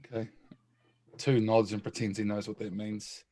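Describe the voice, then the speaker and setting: A man's voice: fairly low pitch, level tone, moderate pace, warm tone. A man playing in a tabletop game, chatty and easy, laughing often. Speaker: player. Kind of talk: casual tabletop play.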